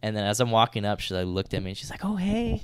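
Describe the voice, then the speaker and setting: A man's voice: on the low side, fairly even intonation, rapid-fire, clear, resonant tone, dry recording. A young man co-hosting a podcast, telling a story in a loose, slangy, swear-filled way. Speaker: podcast co-host. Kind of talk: casual storytelling chat.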